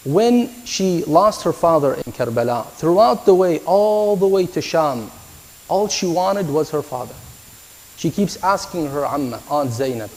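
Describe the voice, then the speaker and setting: A man giving a sermon at a mourning gathering, moving from calm teaching into a chanted, emotional lament. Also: unhurried. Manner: voice climbs higher and louder, chanting lines as a lament. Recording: echoey hall.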